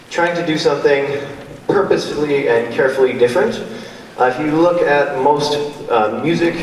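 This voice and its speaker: A man's voice: medium pitch, darkish tone, slight background noise. Breathless man speaking in an echoey gym. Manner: friendly, rambling, with fillers and restarts. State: a little out of breath. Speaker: band conductor. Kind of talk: spoken concert introduction. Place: large school gym. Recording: echoey gym heard from far off.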